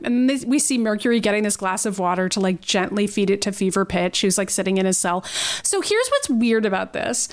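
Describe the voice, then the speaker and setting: A woman's voice: medium pitch, fairly quick. A young adult woman co-hosting a podcast, recapping a cartoon episode in casual, incredulous chat full of "like". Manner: animated, incredulous, lots of "like". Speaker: podcast co-host.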